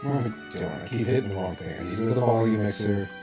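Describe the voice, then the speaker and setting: A man's voice: fairly low pitch, quick pace, music in the background. A man streaming a video game, talking casually to himself and his viewers, often muttering and swearing under his breath. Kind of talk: casual live-stream chatter. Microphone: desk microphone.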